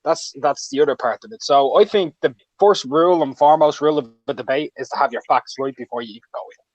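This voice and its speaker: A man talking as a guest in a casual chat, explaining his points in a measured way with some hesitation. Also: fairly high pitch, no room sound, muffled recording.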